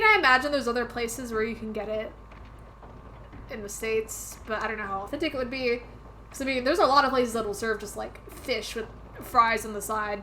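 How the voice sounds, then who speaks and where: A woman's voice: on the high side, pushed and bright, a little hiss or hum. A woman streaming a video game and musing aloud in a rambling, casual way. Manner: rambling, musing, laughs at herself. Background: game music.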